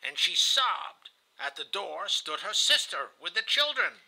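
A man's voice: high-pitched, sing-song, measured pace, vocal fry, sharp tone, slightly rough, poor audio. A man reading a novel aloud in the first person, earnest and confessional. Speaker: audiobook reader.

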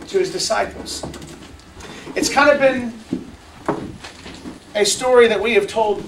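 A children's church teacher telling a Bible story to kids in a lively way and asking them questions. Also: mid-range voice, background noise. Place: church classroom. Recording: echoey room, far from mic.

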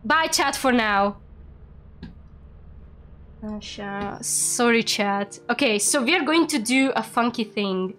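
A young woman hosting a casual game stream, playful and teasing, quick to exclaim. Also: a little high, lively intonation, fairly bright tone, faint music behind. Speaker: streamer and VTuber host.

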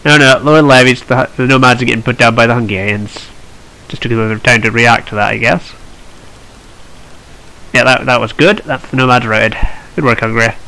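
A man's voice: medium pitch, steady tone, brisk, vocal fry, long pauses, pushed and bright, rough recording. A man hosting a strategy game let's play, chatting and thinking aloud with wry asides. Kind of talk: strategy gameplay commentary.

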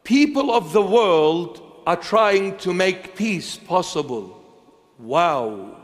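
A man preaching a sermon as a bishop, slow and emphatic, asking rhetorical questions and swinging between hushed lines and loud ones. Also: high-pitched, lively intonation, long reverb tail.

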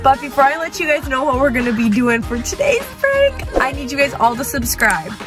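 A woman's voice: high-pitched, very animated, fairly quick. A young woman hosting a vlog, talking to camera in a chatty, eager way. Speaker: vlogger host. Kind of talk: casual talk to camera. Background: background music.

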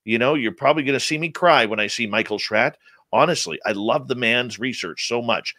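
Bright, energetic male radio host. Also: fairly quick, dry recording. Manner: energetic, jokey announcer delivery with big pitch jumps. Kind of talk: radio talk show hosting.

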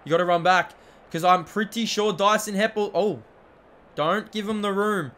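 A young man, commentating his own football video game as he plays, often yelling at the players and talking to himself. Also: high-pitched, normal speed. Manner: excitable, shouts at the play, talks to himself. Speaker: gaming channel host. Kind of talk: let's-play commentary.

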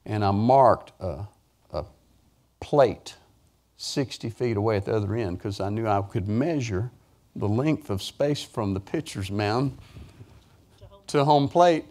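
A man preaching a sermon, telling folksy stories with sudden rises in pitch and volume. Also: measured pace, long pauses, darkish tone. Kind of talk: sermon storytelling.

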